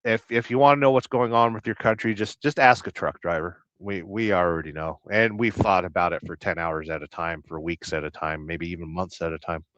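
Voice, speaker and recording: An American truck driver hosting a casual livestream, rambling through jokes and viewer comments with a deadpan, blustery manner. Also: male voice, deep voice, fairly quick, hardly any pauses, no echo. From United States. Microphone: livestream mic. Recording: dry, dull lo-fi stream audio.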